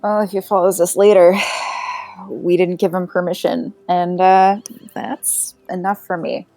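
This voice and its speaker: A woman's voice: lowish voice, level tone, a little slow, warm tone, no room sound, faint music behind. A woman playing a tabletop game, casually describing her character with some amusement. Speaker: player.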